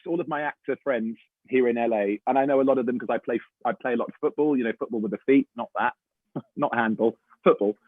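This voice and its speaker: A man's voice: mid-range voice, dry recording. Chatty English guy over tinny line. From England. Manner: animated storyteller, chatty, says mate and man a lot. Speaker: voice actor guest. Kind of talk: casual panel chat.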